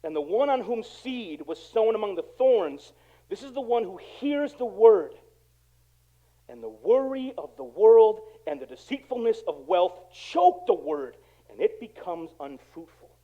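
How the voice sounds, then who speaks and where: A man with a strikingly high, lively voice preaches to his congregation, moving from hushed, close remarks to loud, punchy emphasis. His voice comes through a dull, lo-fi recording. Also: a little slow. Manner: animated, conversational preaching with dramatic swings in volume. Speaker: pastor. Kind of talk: sermon.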